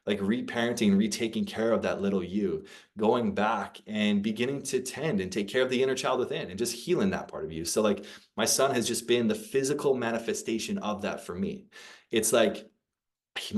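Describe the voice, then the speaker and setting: Man, young adult, low-pitched, earnest, reflective, chatty podcast guest. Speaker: podcast guest, personal freedom coach. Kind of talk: casual conversation.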